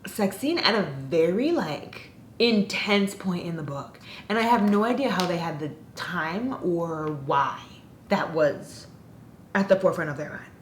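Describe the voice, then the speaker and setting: A woman's voice: fairly low pitch, unhurried. A woman casually ranting in a book review, sarcastic and exasperated. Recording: roomy echo with faint noise.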